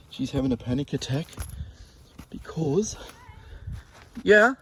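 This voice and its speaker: Man vlogging outdoors, slow and winded, slightly high voice, clear outdoor noise behind. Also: bright, forceful tone. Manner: out of breath, huffing while climbing. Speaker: metal detecting vlogger. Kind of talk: casual outdoor vlog. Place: steep hillside outdoors.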